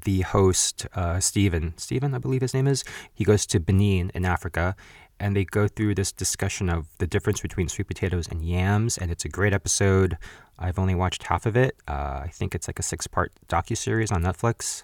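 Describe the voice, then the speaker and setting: A man's voice: low-pitched, no room sound, studio quality. A man in his thirties hosting a podcast, casually recapping a cooking show, chatty with frequent laughs and blunt asides. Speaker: podcast host.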